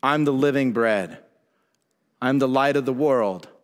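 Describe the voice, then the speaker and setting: A man preaching a sermon as pastor, telling Bible stories with animated emphasis. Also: medium pitch, unhurried. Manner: animated storytelling, voices God and Moses in retellings. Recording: church hall with long reverb.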